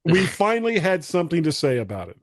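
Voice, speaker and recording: Jokey, animated man on a dry mic. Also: fairly high pitch, fast talker, dry recording. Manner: jokey, laughs easily. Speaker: podcast co-host. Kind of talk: casual chat.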